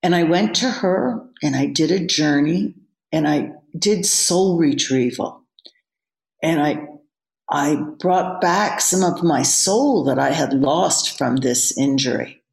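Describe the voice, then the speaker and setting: A woman's voice: low voice, slow, gravelly, darkish tone. A woman, a yoga teacher, telling a candid personal story as an interview guest. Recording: roomy echo.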